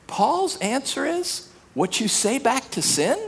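A male preacher delivers a sermon in a high, slightly husky voice. He swings widely in pitch, acting out voices and then dropping to a hushed, low tone for emphasis. His delivery is animated and direct. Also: a little slow. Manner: animated preaching, acts out dialogue, drops to hushed low tones. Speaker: pastor.

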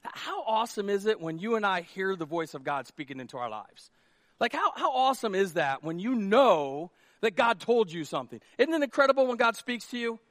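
Pastor guy preaching, kinda high voice, jokey and animated, dry sound. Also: fairly quick, no echo. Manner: lively, self-mocking, acts out quotes. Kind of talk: sermon. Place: church worship hall.

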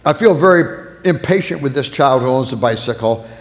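A man's voice: medium pitch, expressive, brisk. Man preaching in a reverberant hall. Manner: earnest, illustrating with acted-out anecdotes. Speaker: pastor. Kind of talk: sermon.

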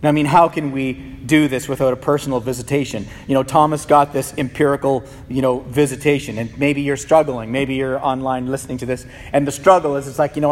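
A man's voice: mid-range voice, brisk. A male pastor giving an impassioned sermon in a church, often repeating words as he builds a point. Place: church sanctuary. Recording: reverberant hall.

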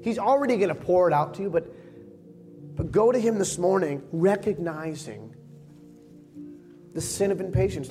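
A man preaching as a pastor, leading his congregation in a quiet prayer of confession and speaking the confessions for them. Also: sits high, expressive, moderate pace, pauses often, soft background music. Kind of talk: sermon and altar-call prayer.

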